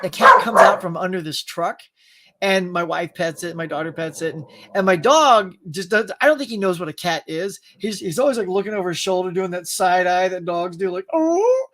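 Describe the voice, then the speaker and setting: A man's voice: sits high, pushed and bright. A man hosting a casual pop culture chat, chatty and laughing often, with a dog barking in the background. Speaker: pop culture show host. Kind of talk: casual chat about movies.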